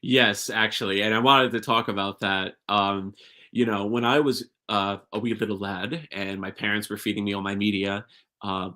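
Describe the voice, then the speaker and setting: A man's voice: on the low side, little pitch movement, moderate pace, pushed and bright. A young man in casual chat as a podcast guest, rambling with many fillers and restarts.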